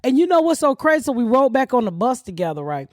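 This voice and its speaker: A middle-aged woman hosting a comedy podcast, telling loud, profane stories in casual chat. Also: sits high, sing-song, fast talker, dry recording, clean studio sound. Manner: brash, profane storytelling.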